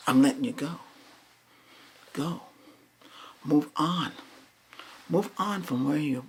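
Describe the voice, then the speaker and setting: A middle-aged man doing a reiki ASMR cleansing, repeating soft commands for a spirit to leave and slipping in and out of whispers. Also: medium pitch, gravelly, a little hiss or hum. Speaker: reiki healer.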